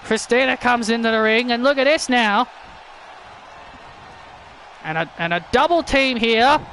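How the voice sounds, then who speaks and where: A man calling a video game wrestling match as excited play-by-play commentary, often shouting and stumbling over his words. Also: extremely high pitch, unhurried, a little hiss or hum. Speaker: wrestling commentator and channel host.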